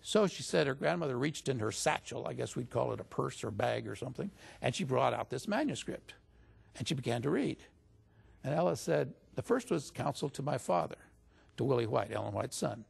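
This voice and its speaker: Male interview guest, husky and gravelly, conversational storyteller who voices quotes higher. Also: brisk. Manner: animated retelling, pitch jumps up when quoting others.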